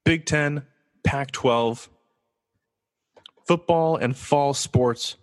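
A man's voice: mid-range voice, very slow, long reverb tail. A man from Los Angeles hosting his own sports talk show, casual and joking, asking himself rhetorical questions. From Los Angeles, USA. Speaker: podcast host.

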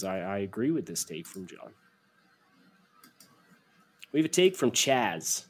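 A young man co-hosting a casual sports podcast, reading listener takes aloud and teasing his partner. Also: medium pitch. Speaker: podcast co-host.

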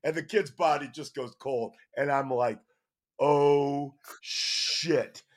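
A middle-aged man, the host's father, telling a lively anecdote on a podcast. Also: medium pitch, moderate pace. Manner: animated anecdotal storyteller. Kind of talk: storytelling on a podcast.

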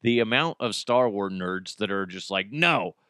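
A man's voice: lowish voice, normal speed, fairly bright tone, clean tone, dry recording, clean studio sound. A man hosting a casual solo podcast, joking and rambling, swearing freely and slipping into mocking voices. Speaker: podcast host.

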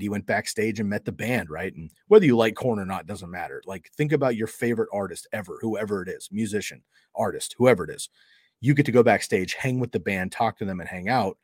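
A man's voice: lowish voice, darkish tone, slightly rough, no echo, studio quality. A middle-aged man hosting a podcast, telling a story in a casual, conversational way and acting out the quoted dialogue. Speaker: podcast host.

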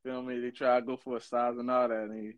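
A man's voice: mid-range voice, level tone, fast, clear, resonant tone, no echo, dull audio. A young man from Baltimore, a college basketball player, answering casually with lots of "you know". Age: young adult. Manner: easygoing, fillers like you know. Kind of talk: casual interview.

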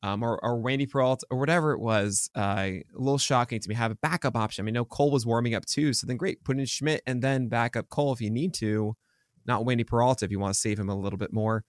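In clean, dry studio audio, a mid-range male voice co-hosts a sports podcast, chatting loosely, self-correcting mid-thought, and quick with a joke.

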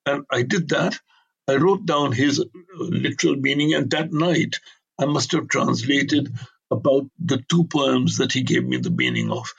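A man's voice: medium pitch, sing-song, unhurried, gravelly, breathy edge, low-quality recording. An older man, an author in a conversational interview, talking in an emphatic, digressive way and giving blunt opinions.

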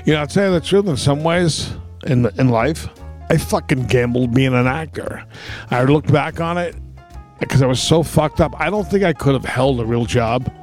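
A middle-aged man co-hosting a podcast, telling profane, animated stories in casual chat. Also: medium pitch, normal speed, soft background music. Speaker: podcast co-host.

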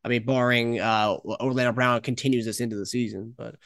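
A man hosting a sports podcast, chatty and quick to laugh. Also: medium pitch, fairly even intonation, a bit bright, dry recording, clean studio sound. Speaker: podcast host. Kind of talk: casual sports podcast chat.

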